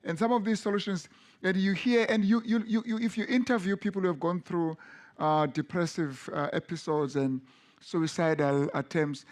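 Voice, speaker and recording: Man, preacher, earnest, emphatic, repeats and restarts words, fairly high voice. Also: moderate pace. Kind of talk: sermon.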